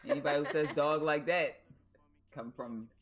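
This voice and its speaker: A woman's voice: low-pitched, moderate pace. A woman with a Baltimore accent who streams, chatting casually with a joking, profane, storytelling manner. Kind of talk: casual chat.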